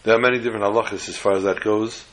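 A man's voice: fairly low pitch, fairly even intonation, rapid-fire, a bit bright, rough recording. Man teaching a Torah class. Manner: explanatory, restarts and rephrases words mid-sentence; tells jokes as illustrations.

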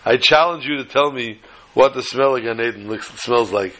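Bright-voiced man telling folksy stories. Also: mid-range voice, moderate pace. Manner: folksy, joking asides. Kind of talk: storytelling talk to a small gathering.

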